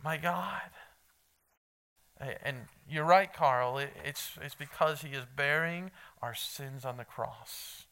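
A male pastor preaches a sermon in a medium-pitched, pushed, bright and smooth voice, a little slow with hardly any pauses. He earnestly repeats key points for emphasis and speaks directly to the people in the room.

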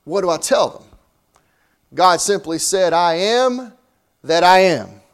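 A man's voice: high-pitched, expressive, slow pace, clear, resonant tone. A man preaching a sermon as pastor, with emphatic rising and falling delivery.

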